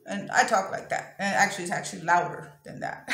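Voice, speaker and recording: A woman's voice: medium pitch, normal speed, fairly bright tone, roomy sound. A woman telling a personal story in a raw, profane, emotionally open confessional way. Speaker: vlogger.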